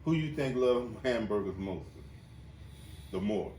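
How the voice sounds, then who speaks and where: A man hosting a podcast in a loud, joking way, laughing a lot and swearing freely in casual chat. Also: fairly low pitch, animated, unhurried, a little hiss or hum. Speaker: podcast host. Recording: echoey room, mic at a distance.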